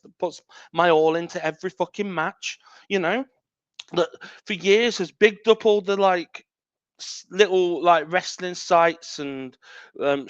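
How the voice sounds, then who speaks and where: A man's voice: high-pitched, fairly bright tone, no room sound, dull audio. A man, a wrestling champion cutting an angry, profane, taunting promo as a podcast guest.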